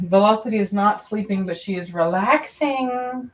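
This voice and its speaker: A woman's voice: fairly high pitch, darkish tone. Chatty woman dog breeder on a dull stream. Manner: chatty and meandering, with many ums and repeats. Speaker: dog breeder hosting a livestream. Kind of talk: casual livestream chat answering viewer questions.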